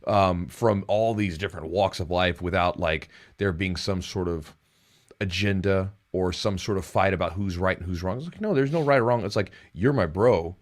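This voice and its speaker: Low-voiced, rambling podcast host man. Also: normal speed. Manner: animated and rambling, with sudden jumps in pitch. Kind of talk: casual podcast chat.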